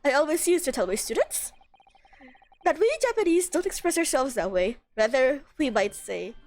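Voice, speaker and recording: Girl doing a shy earnest japanese scholar guy, slow careful way of explaining, pitched lower than her own voice. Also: expressive, darkish tone, no echo, soft background music. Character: reserved young male Japanese scholar.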